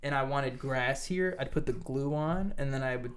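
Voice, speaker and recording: A man's voice: mid-range voice, moderate pace. A man co-hosting a podcast, chatting casually and rambling with lots of fillers and swearing. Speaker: podcast co-host; teacher. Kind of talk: casual chat.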